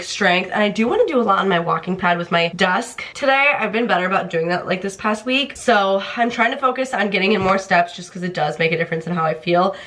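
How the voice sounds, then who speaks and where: Chatty congested woman vlogging at home. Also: medium pitch. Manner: chatty, filler-heavy, frequent "like" and soft laughs. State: congested, a little out of breath while exercising. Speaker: lifestyle vlogger. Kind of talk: casual vlog chat to camera. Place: at home, by her desk and treadmill.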